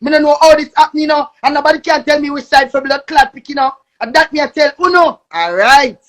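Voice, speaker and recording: A young woman with a Jamaican accent ranting angrily on a live stream, cursing and shouting. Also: high voice, quick pace. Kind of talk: angry live-stream rant.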